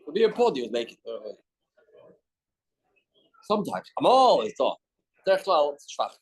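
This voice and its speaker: A man's voice: a little high, sing-song, normal speed, breathy edge. A man giving a daily Talmud class in a study hall, reading the text aloud and explaining it in English, acting out the dialogue as he goes. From Canada. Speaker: Talmud teacher.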